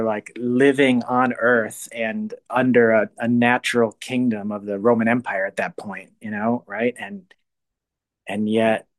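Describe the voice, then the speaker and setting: A man with a somewhat low voice talks through a faith topic in an unscripted, reflective way. He pauses, restarts and sometimes lets his voice sink almost to a whisper. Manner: thoughtful, halting, often trails to a soft hush. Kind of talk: casual spoken reflection on faith.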